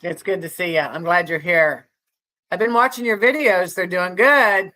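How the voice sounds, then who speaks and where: Chatty woman hosting a livestream, lower voice. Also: moderate pace, bright, forceful tone. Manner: chatty, laughs often, rambling asides. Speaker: livestream co-host. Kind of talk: casual livestream chat with viewers.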